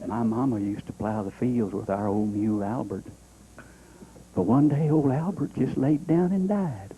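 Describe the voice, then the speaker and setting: A man doing a folksy country boy who spins tall tales in an unhurried, deadpan drawl. The voice is low and dark, with a faint hiss in the background. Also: lightly acted, poor audio. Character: folksy Southern country-boy comic storyteller, male. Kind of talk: stand-up comedy monologue.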